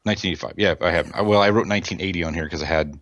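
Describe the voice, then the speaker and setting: Low-voiced easygoing man on a podcast. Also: racing, fairly bright tone, no room sound. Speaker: podcast co-host. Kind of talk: casual rock chat.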